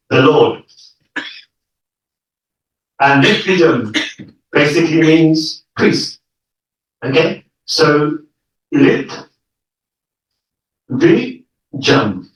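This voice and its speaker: A man teaching a live scripture class, explaining each word step by step and checking in with the audience. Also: on the high side. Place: lecture room with an audience. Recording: echoey room, mic far off.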